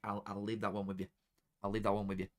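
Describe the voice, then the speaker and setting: A young man talking casually to viewers during a football watchalong, chatty and excitable, dropping into flat mutters and jumping to loud outbursts. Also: fairly low pitch, fast talker. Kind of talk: casual live commentary to viewers.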